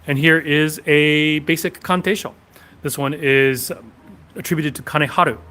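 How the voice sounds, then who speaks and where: Pitched a bit high, he speaks at a moderate pace. He's running a sword shop livestream from a back room, loosely rambling along while he takes questions from the chat.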